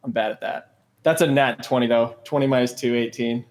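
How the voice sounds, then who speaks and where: A man's voice: medium pitch, fairly even intonation, fairly quick. A man playing a tabletop game who talks loosely and rambles over a voice call. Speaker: player. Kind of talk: casual chat. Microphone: voice call microphone.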